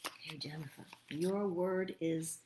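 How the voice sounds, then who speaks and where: A middle-aged woman hosting a live stream as a spirit messenger, giving word readings in a slow, soothing, meditative way and thinking aloud. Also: low voice, steady tone, darkish tone, a little hiss or hum. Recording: roomy echo.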